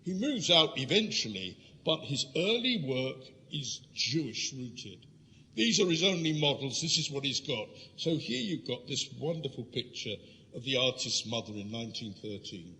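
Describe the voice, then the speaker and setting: The speaker is a man from London, England, at medium pitch and a moderate pace, presenting an illustrated history lecture as a guest. Storytelling drives his lively delivery, aimed directly at the audience in a lecture room that gives the recording a reverberant quality.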